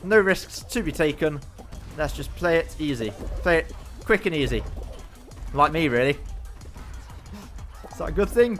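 Excitable man commenting on gameplay. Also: on the high side. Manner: excitable, self-mocking running commentary. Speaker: gaming YouTuber.

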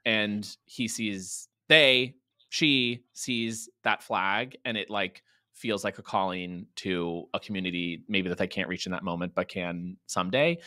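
A man co-hosting a political podcast, animated and opinionated, laughing often. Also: lowish voice, no room sound, clean studio sound. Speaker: podcast co-host. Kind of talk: casual political podcast chat.

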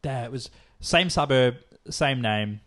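A young man co-hosting a podcast, telling a story in casual, swearing, animated chat. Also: medium pitch. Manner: rapid, animated, laughing. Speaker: podcast co-host.

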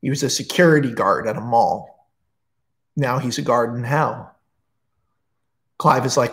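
A man pitching a movie plot casually on a livestream, excitable and profane, racing through in bursts with restarts. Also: unhurried, long pauses.

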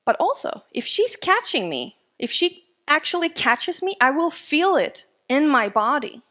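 A woman speaking at a tech conference, presenting in a lively, conversational way with casual fillers. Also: sits high, a little slow. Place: conference stage before an audience.

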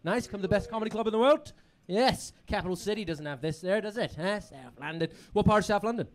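High-voiced comedian working the crowd. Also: male voice, fast talker. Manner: rowdy, sweary, building to shouts. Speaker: stand-up comedian. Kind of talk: stand-up crowd work. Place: comedy club stage.

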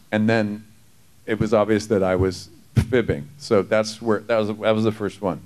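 A man telling lively stories at a convention panel, quick to act out other people's voices and to laugh. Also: fairly low pitch. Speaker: actor panelist.

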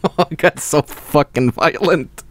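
A man streaming casually, giggling, excitable and swearing as he works. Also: a little high, a little slow. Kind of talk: casual livestream commentary.

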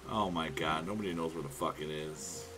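A man streaming himself playing a video game, swearing a lot and swinging from low mutters to loud outbursts at the game. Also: brisk. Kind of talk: casual live gameplay commentary. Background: game music.

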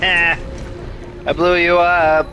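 Casting: a swearing, self-mocking gamer with a lively, fairly high voice, loud gunfire under his commentary. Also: takes it slowly, noisy background. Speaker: gaming video host. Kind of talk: let's play commentary.

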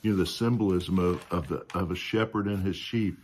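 A man's voice: low voice, steady tone, a little fast, a little mellow, slightly rough. A man teaching a Sunday school Bible lesson in a conversational way, often adding "you know" and asking the class questions.

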